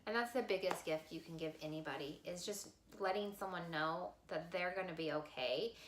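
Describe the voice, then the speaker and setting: A woman vlogger telling a personal story to camera in a heartfelt, expressive way. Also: lowish voice, moderate pace, roomy sound. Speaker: vlogger sharing a life lesson.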